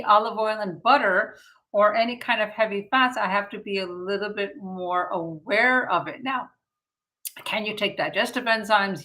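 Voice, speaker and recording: A bright, forceful woman in her fifties hosts a casual live-stream health chat. She talks in an animated, chatty way, full of fillers, and often acts out her own thoughts. Her voice sits at a middle pitch. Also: low-quality recording. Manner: chatty and animated, with many fillers and quoted self-talk. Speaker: naturopathic doctor and show host.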